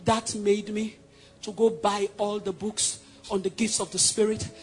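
A man from Nigeria with a Nigerian accent preaching a sermon, emphatic and swinging between loud declarations and hushed passages. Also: high voice, little pitch movement, a little slow, breathy edge, soft background music.

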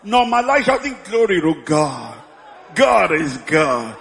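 Male preacher, 50s, high and exuberant, shouts and laughs through the sermon; reverberant church hall, congregation faint behind. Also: very animated, vocal fry. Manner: exuberant, often shouting and laughing, drawn-out praise calls. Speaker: pastor. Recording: echoey hall with congregation noise.

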